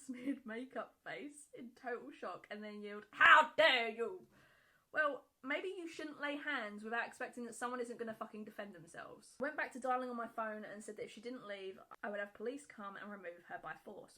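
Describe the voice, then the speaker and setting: A woman's voice: fairly high pitch, bright, forceful tone, low-quality recording. A woman reading a Reddit post aloud and reacting to it bluntly, with frequent swearing and laughter. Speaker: YouTube reaction creator.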